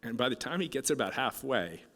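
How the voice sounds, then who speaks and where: Male keynote speaker, halting emotional storytelling, mid-pitched, long hall reverb. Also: sing-song. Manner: halting, with many restarts and fillers; moved, voice dropping soft at times. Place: conference hall. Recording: hall reverb from a stage speech.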